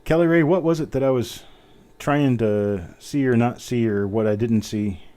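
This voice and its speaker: A medium-pitched, warm-toned man speaking at normal speed hosts a live coin auction stream. Casual and self-mocking, he calls out bidders while he types.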